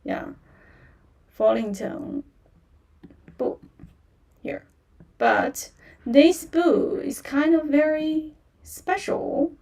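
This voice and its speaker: Woman, teacher, very slow patient delivery, mellow gravelly voice, a little distant from the mic. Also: sits high, wildly swooping pitch. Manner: slow and patient, repeats phrases many times, fillers like "yeah". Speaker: Chinese language teacher. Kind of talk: livestream language lesson.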